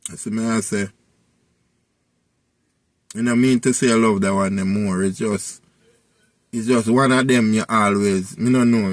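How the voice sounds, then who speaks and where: Speaking with a Jamaican accent, this man tells a story from his own life in a loose, wandering way, leaning on the same tag phrases over and over. He's a vlogger with a lowish voice, and there's no echo.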